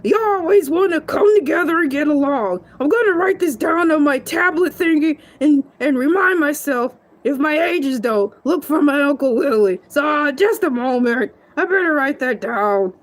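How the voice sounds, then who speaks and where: A woman's voice: high-pitched, animated, moderate pace, hardly any pauses. A woman voicing a goofy, rambling male shark celebrity who giggles and stretches his words out in a comedic monologue. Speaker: show guest.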